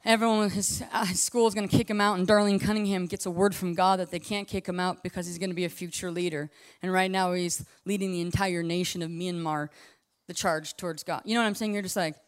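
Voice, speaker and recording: A woman's voice: lowish voice, steady tone, fast talker, hardly any pauses. Impassioned woman preaching casually. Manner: impassioned, swings between hushed and loud; casual, full of "like" and asides. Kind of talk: conversational sermon.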